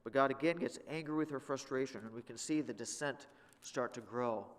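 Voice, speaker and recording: A man gives a Bible lesson from the pulpit, mixing scripture reading with relaxed asides and questions to the room. His voice sits in a middle register. The long reverb of a church sanctuary hangs behind every phrase. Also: mid-range voice, fairly quick. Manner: conversational, humorous, asks the congregation questions. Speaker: Bible teacher. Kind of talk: sermon teaching with scripture reading.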